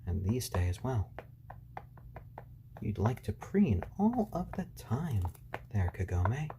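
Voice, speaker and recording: Soft-spoken low-voiced man. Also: big pitch swings, slow, a little hiss or hum. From born in Japan to British parents. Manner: soft, low-key and soothing, with fillers. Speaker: live-stream host. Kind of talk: calm live-stream chat with chicks.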